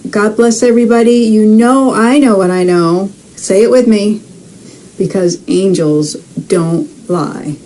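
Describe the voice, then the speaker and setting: A woman's voice: mid-range voice, warm tone, slight background noise, low-quality recording. A woman hosting a live-streamed psychic reading, chatty and casual, calling out viewers by name. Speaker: psychic medium host.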